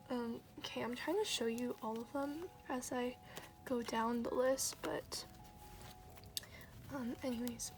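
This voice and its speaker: A woman's voice: sits high, measured pace, soft background music. A woman chatting casually through an unboxing, gushing with frequent gasps and squeals. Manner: gushing, gasping and squealing often. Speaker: unboxing vlogger. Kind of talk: excited casual unboxing chat.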